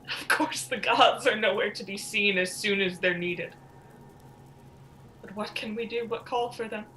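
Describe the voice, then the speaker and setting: A woman's voice: mid-range voice, measured pace, bright, forceful tone, a little hiss or hum. A woman acting a proud, grief-worn old queen. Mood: despairing. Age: young adult. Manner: bitter, despairing and proud. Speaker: student actor. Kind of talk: stage tragedy acting.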